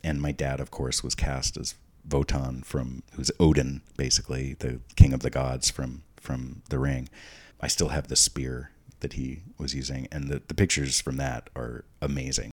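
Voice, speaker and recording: A man's voice: rumbling low, level tone, normal speed, breathy edge. A man speaking as a podcast guest, telling casual stories with rambling asides and frequent restarts. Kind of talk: casual storytelling.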